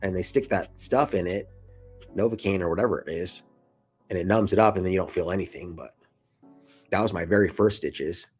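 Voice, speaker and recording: A vlogger in his twenties shows his scars to the camera mic while telling a casual story, swearing freely and calling the listener dude and bro. His husky voice moves fairly quickly with long pauses, jumping much higher and excited when he acts out quoted lines, over soft background music.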